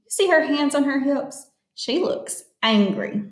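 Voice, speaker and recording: A woman's voice: sits high, expressive, reverberant. Woman reading a picture book to kids. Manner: slow, explains words to young listeners. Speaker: storytime reader.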